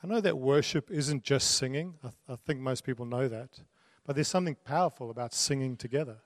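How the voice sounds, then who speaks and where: A man's voice: mid-range voice, fairly quick, dry recording, studio quality, big-room sound. A man preaching a sermon in an earnest way, repeating key phrases and laughing now and then. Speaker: pastor.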